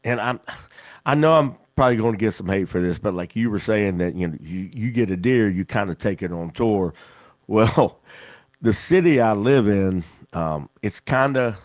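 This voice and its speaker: A man's voice: fairly low pitch, lively intonation, normal speed, no echo, highs cut off. A man with a West Virginian accent, a podcast host telling folksy stories in casual chat and laughing often. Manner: folksy storyteller, laughs a lot.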